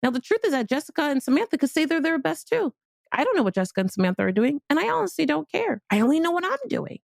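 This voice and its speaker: A woman's voice: sits high, very animated, fast, vocal fry, no room sound, studio quality. A middle-aged woman from Miami hosting a podcast, giving a candid, playful motivational monologue with casual swearing. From Miami, Florida. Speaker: podcast host.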